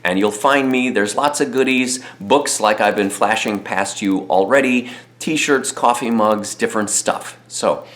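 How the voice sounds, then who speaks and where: A man with a fairly low voice talks through his monthly video update in a loose, chatty way. He rambles, restarts sentences and fills gaps with ums and uhs as he goes. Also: measured pace, fairly bright tone. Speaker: solo theatre performer giving a monthly update. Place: home in Chicago.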